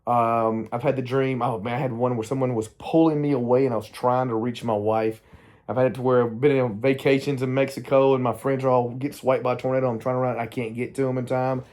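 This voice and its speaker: A man's voice: medium pitch, flat delivery, fairly quick, darkish tone. A middle-aged man, talking candidly to the camera in a rambling personal vlog, often trailing off and restarting. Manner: candid, meandering, self-interrupting. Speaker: vlogger.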